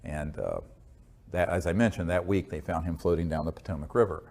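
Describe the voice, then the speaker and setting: Low-voiced man, measured earnest guest. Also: steady tone, creaky, darkish tone. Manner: measured, hesitant with frequent fillers. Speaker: interview guest. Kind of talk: earnest conversational storytelling.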